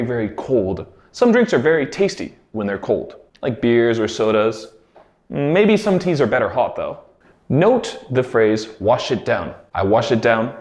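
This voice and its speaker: A man teaching everyday English phrases, explaining clearly and slowing down to model each one. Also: mid-range voice, a little mellow. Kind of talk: English pronunciation lesson. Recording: roomy echo.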